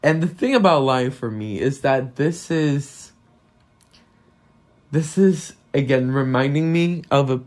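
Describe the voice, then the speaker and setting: A man's voice: medium pitch, slow, darkish tone. A young man with a non-native English accent, hosting a podcast in a candid, self-deprecating solo monologue and swearing often. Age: young adult. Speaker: podcast host.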